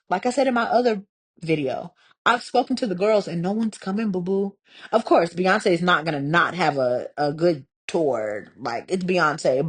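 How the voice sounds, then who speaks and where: A young Texan woman hosts a casual solo podcast, ranting with heated sarcasm and swearing freely. She mocks others in put-on voices. Her voice is mid-range with a breathy edge.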